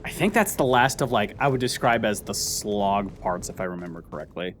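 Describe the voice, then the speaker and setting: A man's voice: lowish voice, expressive, fairly quick, fairly bright tone, slight background noise. A man giving casual let's play commentary, rambling with fillers and frequent laughs. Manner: chatty, rambling, laughs often, many fillers.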